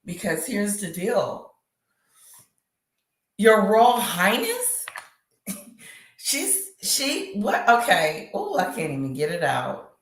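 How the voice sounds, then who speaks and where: Animated, slow-talking woman live at night. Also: lowish voice, reverberant. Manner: animated, laughing, gossipy, exclaiming. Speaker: livestream host. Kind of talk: late-night casual live chat. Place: bedroom at night. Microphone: device screen close up.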